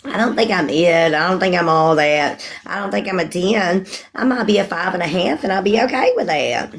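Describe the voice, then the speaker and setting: A woman's voice: on the low side, expressive, moderate pace. A woman in her forties chatting casually with livestream viewers, rambling, calling them sweetie and laughing often. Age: 40s.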